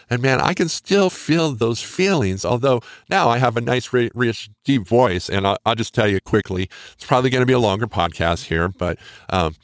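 A man's voice: lowish voice, no echo, studio quality. A middle-aged man hosting a solo podcast, talking in an earnest, encouraging, conversational way. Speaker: podcast host. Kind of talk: casual solo podcast monologue.

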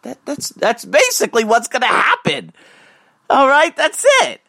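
A man hosting a podcast, telling a casual story in an animated way, swearing freely and acting out the lines of the people in it. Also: extremely high pitch, measured pace, gravelly, no room sound. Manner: animated, swears freely, acts out quoted dialogue. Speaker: podcast host.

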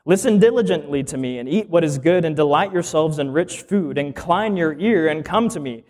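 A man's voice: fairly high pitch, expressive, moderate pace, darkish tone. A man, a minister, teaching a conversational sermon and often asking rhetorical questions.

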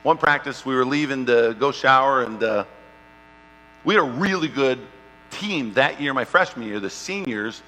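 Bright-voiced preacher in an echoing hall. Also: male voice, medium pitch, moderate pace. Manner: animated storytelling, swings from loud to hushed. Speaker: pastor. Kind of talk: sermon with personal story. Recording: long hall reverb, faint mains hum.

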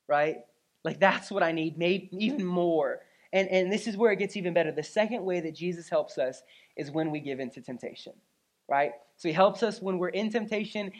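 A woman preaching a sermon, telling an animated personal story with frequent "right?" and "you know?" asides to the congregation. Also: sits low.

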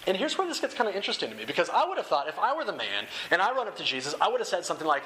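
An earnest young man preaching to a room of seated listeners, his voice bright, forceful and a bit high. He talks like a conversation, restating lines as he builds. A faint hiss runs under the recording. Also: wildly swooping pitch, rapid-fire, hardly any pauses, low-quality recording. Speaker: campus ministry speaker. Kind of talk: sermon. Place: room with rows of chairs.

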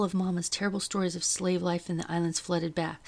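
A woman narrating a novel in first person. She reads in an earnest, steady way, with a low voice that has a gravelly grain. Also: a little fast, few pauses. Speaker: audiobook reader.

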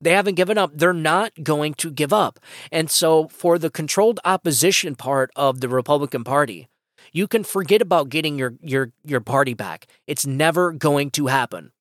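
A man's voice: fairly high pitch, normal speed, a bit bright, no room sound. A man with a slightly raised voice delivers a solo political opinion monologue on his podcast. He talks with emphatic, impassioned drive and keeps restarting his sentences as he goes. The sound is dry and close on a podcast mic. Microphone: podcast microphone.

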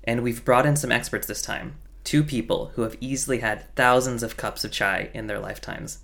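A man co-hosting a podcast, reading a scripted intro in an upbeat, friendly and clear way. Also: medium pitch, fairly even intonation, moderate pace, fairly bright tone. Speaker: podcast co-host.

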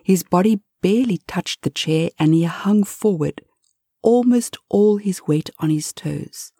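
A woman narrating a bedtime story for adults in a soft, half-whispered delivery. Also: fairly low pitch, unhurried, husky, dry recording, studio quality.

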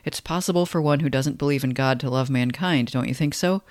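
A man's voice: mid-range voice, brisk, no echo, lightly acted. Guy reading a show-off teen boy, pompous and eager, dry close sound. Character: pompous clever thirteen-year-old boy.

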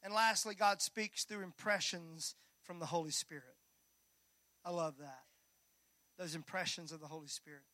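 A high-voiced man preaches a sermon, bright and forceful in tone. He swings from loud rallying calls down to hushed, near-whispered lines, dropping folksy jokes to his congregation. The sound is close and dry. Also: fairly even intonation, moderate pace, long pauses, dry recording. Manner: folksy, joking asides to the congregation. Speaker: pastor.

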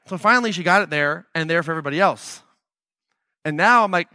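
A man's voice: on the high side, fast, sharp tone, dry recording, studio quality. A man hosting his own podcast, talking casually in a blunt, emphatic, swearing manner. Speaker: podcast host. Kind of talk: casual solo podcast monologue.

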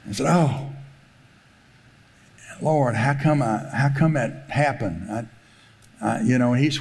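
Preacher guy telling a story in a sermon, lively, keeps laughing, plays all the voices, middle-aged. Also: mid-range voice, unhurried, vocal fry, long pauses. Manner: animated storyteller, laughs often, acts out quoted voices. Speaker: pastor.

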